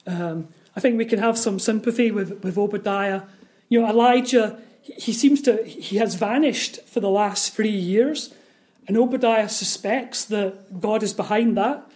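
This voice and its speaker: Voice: mid-range voice, measured pace, darkish tone. Earnest preacher asking rhetorical questions. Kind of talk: sermon on a Bible passage.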